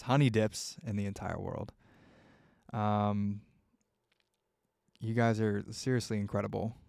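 A man's voice: fairly low pitch, gravelly, darkish tone, no room sound, studio quality. A young man hosting his own podcast, talking casually and heartfelt with lots of fillers and swearing. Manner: rambling, heartfelt, swears freely, many fillers. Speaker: podcast host. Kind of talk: casual solo podcast talk.

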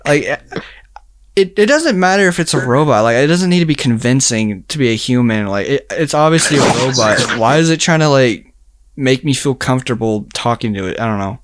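Young guy, casual storyteller, rambling with lots of fillers; smooth tone, dry close mic. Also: mid-range voice, expressive, a little fast, dry recording. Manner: rambling, filler-heavy, laughs while telling a story. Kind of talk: casual chat.

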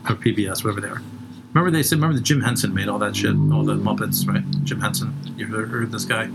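A man's voice: fairly low pitch, quick pace, creaky, very noisy. Profane rambling man telling stories. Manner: profane, rambling, laughs at his own jokes. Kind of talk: crude comedic storytelling.

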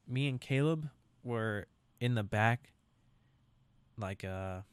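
A young man hosts his own podcast solo from a camper, rambling and joking casually and saying "dude" a lot. His voice is on the low side with a clean tone, and the recording is dry.

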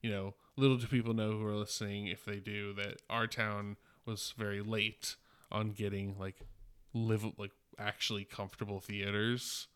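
Low smooth-voiced guy rambling on a podcast. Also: flat delivery, normal speed, fairly bright tone. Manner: rambling, heavy on fillers and swearing. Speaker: podcast co-host. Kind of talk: casual chat.

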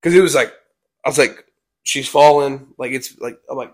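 At normal speed and medium pitch, a young male vlog co-host rambles through a story about himself in a casual video. "I was like" comes up again and again.

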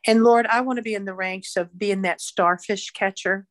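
A woman's voice: medium pitch, fairly even intonation, moderate pace, no echo. A woman evangelist, a podcast guest, leading a fervent, rhythmic spoken prayer. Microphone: podcast mic.

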